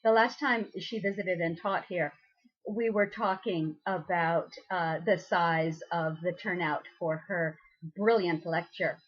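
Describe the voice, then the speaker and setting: Brief: female priestess, slow earnest uplifting address, husky tone, dull lo-fi recording. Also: lowish voice. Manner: earnest, encouraging, speaks straight to listeners; loose and unscripted, with many ums and uhs. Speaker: presiding priestess of a goddess temple. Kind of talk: inspirational recorded message.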